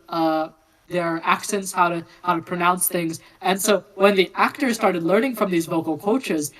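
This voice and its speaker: A woman explaining a topic in a casual group discussion, lively and chatty with fillers. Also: mid-range voice, rough recording. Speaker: discussion participant. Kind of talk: casual philosophical chat.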